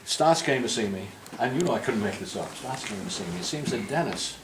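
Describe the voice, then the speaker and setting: A man's voice: fairly low pitch, lively intonation, a little fast, noisy background. An older man, a portrait painter, telling a long, humorous and digressive anecdote to a group while giving a tour. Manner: humorous, digressive, acts out quoted voices. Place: club interior, in a room with a group.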